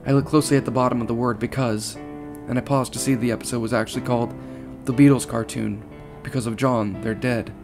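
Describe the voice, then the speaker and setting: A man's voice: mid-range voice, creaky. Man reading a horror story. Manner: reads steadily with small slips and restarts. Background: faint guitar music.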